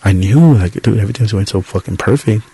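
A man's voice: fairly low pitch, fast talker, dark tone, husky, no room sound. A young man hosting his own podcast, talking casually in a profane, rambling, self-deprecating way. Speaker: podcast host. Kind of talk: casual solo podcast monologue.

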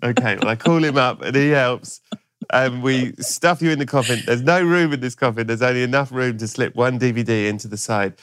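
A podcast host improvises comic stories, playfully spinning absurd scenarios and acting out voices. His medium-pitched voice is fairly quick, a bit bright, and clean in tone.

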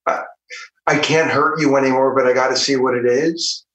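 A man speaking as a podcast guest, halting and heartfelt, with many restarts. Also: medium pitch, fairly even intonation, a bit bright, distant mic. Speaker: actor guest. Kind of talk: casual podcast chat. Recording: roomy, from the mic.

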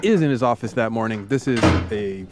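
A male podcast host spins a true story as a lively imagination exercise, addressing the listener as "you." He is playful and theatrical, dropping in brief funny voices for the characters along the way. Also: lowish voice, brisk, heavy background noise. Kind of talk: storytelling narration in second person.

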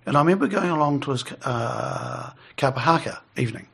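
A man's voice: medium pitch, expressive, a little fast, vocal fry, fairly bright tone, husky. A middle-aged man, telling a rambling story in casual conversation and chuckling as he goes.

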